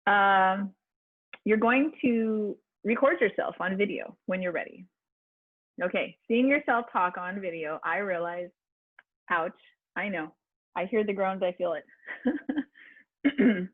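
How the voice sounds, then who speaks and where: Speaking at a measured pace in a mid-range voice, a woman coaches an online public speaking class. Her chatty, encouraging delivery includes fillers and restarts, heard through tinny, dry video-call audio.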